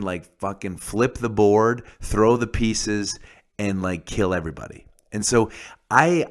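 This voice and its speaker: A man with a very low voice talking on a casual podcast. He is blunt and swears freely, running on with fillers and quick restarts. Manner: blunt, profane, fast-talking with many "like"s and restarts. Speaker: podcast host, oil industry commentator.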